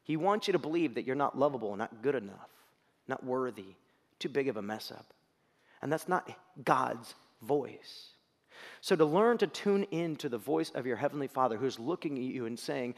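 A man preaching a sermon as pastor, earnest and building to emphatic peaks before a quiet prayer. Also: medium pitch, expressive, normal speed. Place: church sanctuary. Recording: reverberant hall.

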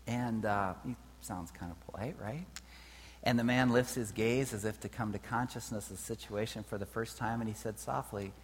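A man's voice: lowish voice, fairly even intonation, moderate pace. A man preaching a sermon in a conversational way, often checking in with his listeners. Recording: reverberant hall with faint hum.

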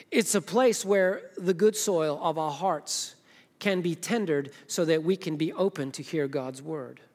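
High-voiced man preaching in a reverberant hall. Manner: swings between emphatic and hushed, intimate delivery. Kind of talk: sermon.

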